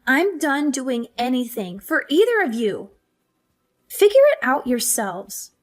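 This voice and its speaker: A woman's voice: high-pitched, sing-song, a little slow. A young woman narrating a scripted family drama as herself, defensive and exasperated. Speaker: story narrator playing herself.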